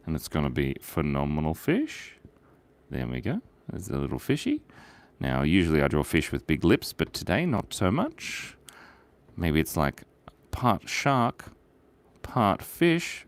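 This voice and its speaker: A middle-aged man hosting a casual live drawing stream, chatty and playful as he reads out viewer suggestions. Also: on the low side.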